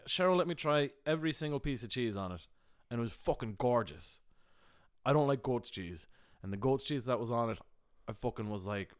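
Guy, podcast co-host, smooth clear voice, lively yarn-spinner who swears a lot. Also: mid-range voice, fairly quick. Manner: animated storyteller, swears freely, many restarts. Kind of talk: casual chat.

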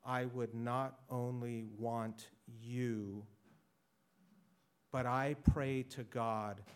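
A man voicing the apostle Paul in a sermon, speaking softly and earnestly. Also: clean tone. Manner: soft, low and earnest.

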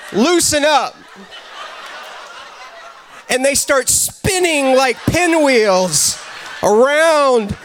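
A man preaching with a very high voice, telling a funny story in animated bursts. He speaks slowly and shouts out the punchlines. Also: slight background noise. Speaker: pastor. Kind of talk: sermon with comic storytelling.

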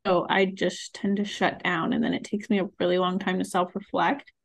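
Reflective woman with a gravelly voice. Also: on the low side, flat delivery, moderate pace. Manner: reflective, uses many fillers. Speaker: podcast co-host. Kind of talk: casual chat.

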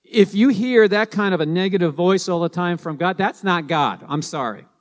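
A man's voice: high-pitched, normal speed, in a large hall. A man preaching a sermon to his congregation, stressing points and repeating key lines.

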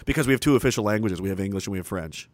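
A man's voice: lowish voice, very fast, no echo. A middle-aged Canadian man delivering a combative, profane, mocking monologue. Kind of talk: ranting monologue.

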